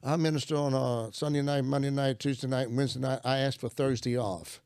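A man's voice: mid-range voice, fairly even intonation, brisk, darkish tone, smooth, dry recording, clean studio sound. An older man, a minister, telling a personal faith story in conversation, earnest and acting out his own prayers. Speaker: guest minister.

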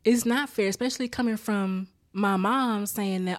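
A woman's voice: medium pitch, moderate pace, few pauses, dry recording, clean studio sound. A woman in casual chat recapping a TV episode, laughing often and acting out the characters' lines. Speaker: show recapper.

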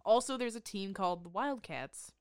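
A woman's voice: mid-range voice, expressive, normal speed, clear, resonant tone, no echo, clean studio sound. A woman co-hosting a podcast, recapping a movie in casual chat with sarcastic, swearing asides. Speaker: podcast co-host.

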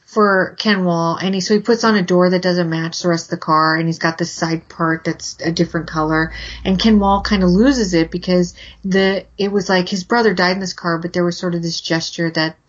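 A woman's voice: on the low side, steady tone, moderate pace, muffled recording. A woman co-hosting a podcast in casual chat about TV movies, talking loosely with many fillers. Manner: chatty, with many "like" fillers and laughs. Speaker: podcast co-host.

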